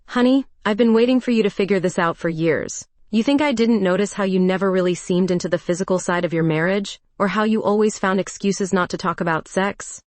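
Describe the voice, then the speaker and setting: A woman's voice: mid-range voice, fairly quick, few pauses, no echo, lightly acted. A woman putting on Sarah, a bossy teasing best friend. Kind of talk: storybook dialogue.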